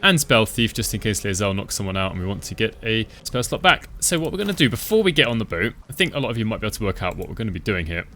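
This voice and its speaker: A man giving relaxed, chatty commentary over his own gameplay, thinking aloud as he plays. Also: fairly low pitch, fast talker, hardly any pauses, a little hiss or hum. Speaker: gaming channel host.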